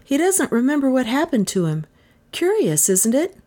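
Woman voicing a brisk man taking charge. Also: sits high, sing-song, mellow, voice pushed up. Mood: urgent.

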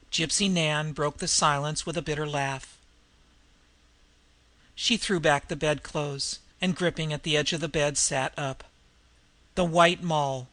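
A man's voice: fairly high pitch, sharp tone, no room sound. Male narrator reading a novel aloud. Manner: reads the prose and voices every character. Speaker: audiobook narrator. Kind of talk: scripted narration.

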